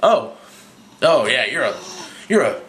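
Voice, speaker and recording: A man's voice: medium pitch, big pitch swings. A man putting on a boastful trickster god. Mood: taunting. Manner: taunting, halting, rising to a yell.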